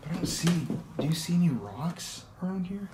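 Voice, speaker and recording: A man's voice: sits high, very animated, normal speed. A man on a paranormal investigation, reacting to sounds and calling out to a spirit. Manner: reacts to sounds, sometimes whispering. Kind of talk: ghost hunt talk. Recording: loud background noise.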